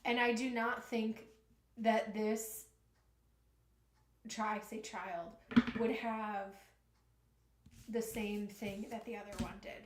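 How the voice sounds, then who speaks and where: A woman's voice: medium pitch, steady tone, slow, pauses often, reverberant, a little hiss or hum. A woman giving a live-stream tarot reading, chatty and emotional, talking to spirit and to her viewers. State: emotional, nearly crying. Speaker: tarot reader.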